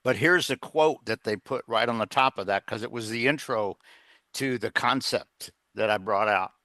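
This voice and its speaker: A man's voice: on the low side, normal speed, bright, forceful tone, dry recording. A middle-aged man telling a personal story as a guest in an interview, rambling, with plenty of fillers and restarts. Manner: earnest, plain-spoken. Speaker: guest, executive coach.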